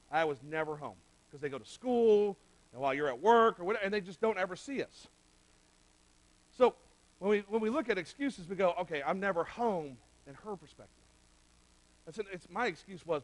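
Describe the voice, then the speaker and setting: A middle-aged pastor with a high-pitched voice preaches in a church sanctuary, caught on a low-quality recording. His sermon is conversational and direct, aimed squarely at the men in the room.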